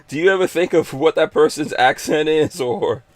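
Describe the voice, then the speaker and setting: A man's voice: on the high side, measured pace, no room sound. A man hosting a live podcast stream, chatting casually in an upbeat, joking, rambling way. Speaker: podcast host.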